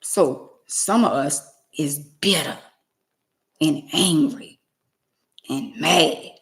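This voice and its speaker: A woman with a low voice speaks very slowly in a casual monologue aimed straight at her viewers. This vlogger is plain-spoken and emphatic, repeats her points, and uses "y'all."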